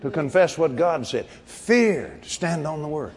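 A man preaching a fervent sermon, shouting and laughing as he goes. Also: fairly high pitch, normal speed, hardly any pauses. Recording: reverberant hall with a crowd.

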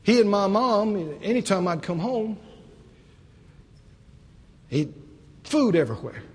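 A man from the American South with a Southern accent, preaching a lively sermon with rhetorical questions and acted-out voices. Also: sits high, slow, breathy edge, in a large hall.

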